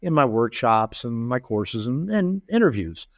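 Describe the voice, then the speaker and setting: An older man, a therapist and author, telling stories in a relaxed interview and acting out the voices of the people in them, often repeating and restarting words. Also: medium pitch, unhurried, no echo, clean studio sound. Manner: animated storyteller acting out quoted voices, frequent repeats and restarts. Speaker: therapist and author, podcast guest. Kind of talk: conversational storytelling interview.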